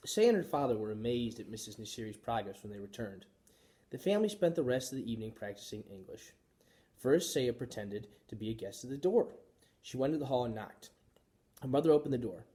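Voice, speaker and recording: A male teacher reads a children's chapter book aloud, telling the story expressively. His voice is mellow and warm, with a pitch that moves in a lively way. It sounds like a read-aloud for young listeners. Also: brisk.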